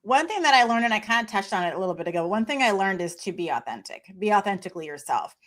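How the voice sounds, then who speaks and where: A woman guest in casual conversation, talking in an animated way and acting out quoted voices. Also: medium pitch, quick pace. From Memphis, United States. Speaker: podcast guest.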